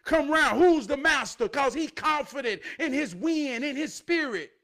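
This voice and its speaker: Very high-voiced man preaching streetwise motivation. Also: animated. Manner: streetwise, profane, building to shouted emphasis; repeats phrases for effect, drawn-out delivery. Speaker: motivational speaker.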